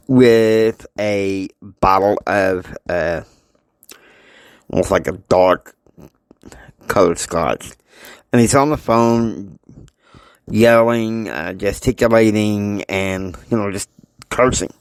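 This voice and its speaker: A man casually retelling a family drama story in a rambling, halting way with many fillers. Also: lowish voice, dry recording.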